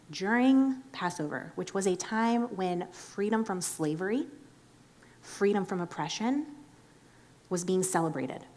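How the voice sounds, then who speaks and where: A woman preaching in a casual, chatty way, animated and filling her talk with "like.". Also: medium pitch. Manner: chatty and animated, heavy use of "like". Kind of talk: casual sermon.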